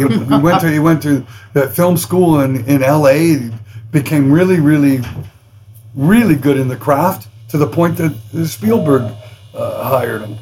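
A Canadian man, a rock musician guesting on a podcast, tells animated stories, acting out other people's lines in different voices and swearing freely. His voice sits on the high side, and the rough recording carries a little hiss or hum.

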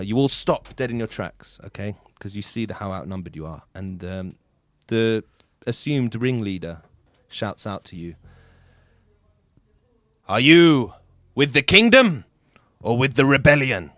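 A man's voice: on the low side, moderate pace, no echo, studio quality. A man hosting and narrating an improvised tabletop game as game master, loose and full of ums and restarts. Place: podcast studio.

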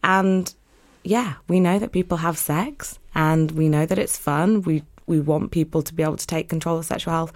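A young woman with a low, darkish voice and a moderate pace is a guest on a podcast, a co-founder of a condom brand. The interview is casual chat, and she's upbeat, laughs often, and uses many fillers.

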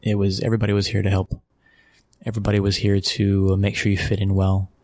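A middle-aged American man from Texas, a sports executive telling stories as an interview guest in a relaxed, conversational way, repeating phrases and chuckling often. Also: lowish voice, fast talker. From Texas, USA.

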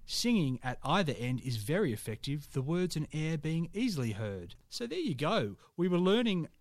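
A man's voice: on the high side, very animated, moderate pace, dry recording. Male podcast co-host, jokey, reads archive items; dry close-miked sound. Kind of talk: casual history chat, reading old news aloud.

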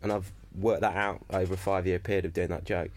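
A man's voice: deep voice, level tone, fast talker. A man with a London accent, a comedian guest on a podcast, telling rambling anecdotes full of restarts. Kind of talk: casual chat.

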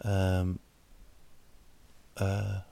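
A man hosting a podcast, delivering a rambling, wry comic monologue full of halting restarts. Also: low voice, monotone, vocal fry, warm tone, dry recording. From New Zealand. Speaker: podcast host.

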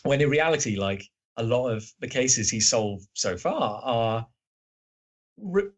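A man in his thirties, a podcast guest, chatting in a rambling, self-deprecating way with lots of fillers and a slightly husky voice. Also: mid-range voice, expressive, unhurried. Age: 30s. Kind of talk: casual podcast chat.

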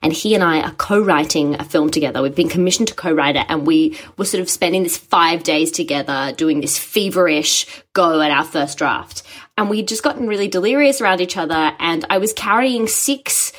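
A young woman, a guest chatting casually in an interview, telling stories in an animated way with frequent laughter. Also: deep voice, normal speed. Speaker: guest, musical writer.

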